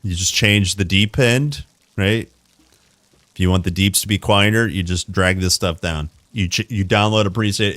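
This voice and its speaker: A man's voice: low-pitched, fairly bright tone, no room sound. Rambling man streaming games. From America. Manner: rambling, self-correcting, answers chat with laughs. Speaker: game streamer. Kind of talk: casual live-stream chat.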